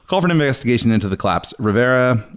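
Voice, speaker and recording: A man's voice: mid-range voice, lively intonation, rapid-fire, clear, resonant tone. A young man hosting a podcast, chatting casually, laughing often and reading out articles. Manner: chatty, laughs often, reads quotes in a mock voice. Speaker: podcast host.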